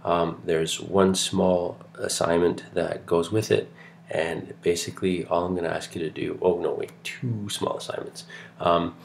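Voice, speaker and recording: A man's voice: low-pitched, flat delivery, measured pace, vocal fry, a little hiss or hum. A middle-aged man from Canada giving a recorded lecture in a chatty, digressive way, full of fillers and restarts.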